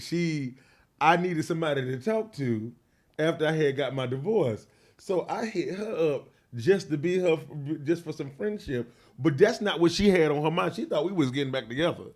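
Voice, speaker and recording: A man with a slightly raised voice spins a crude, slangy story for an interviewer, cursing freely and stumbling through fillers. He grows loud and animated when he reenacts the action. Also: a little high, moderate pace. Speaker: interview guest. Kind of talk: telling a personal story.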